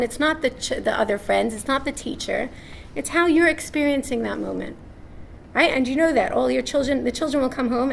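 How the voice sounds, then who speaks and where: High, gravelly woman giving a seminar talk. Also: slight background noise. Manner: animated storyteller, acts out voices, asks "right?" often. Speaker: parenting seminar speaker. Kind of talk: live seminar talk with acted anecdotes. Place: seminar room before an audience.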